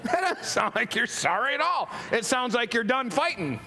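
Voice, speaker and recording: A man's voice: very high-pitched, big pitch swings, moderate pace, very noisy. A man giving a humorous motivational talk to a live audience, playful and jokey, asking the crowd questions. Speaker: leadership speaker. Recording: long hall reverb, faint ambience.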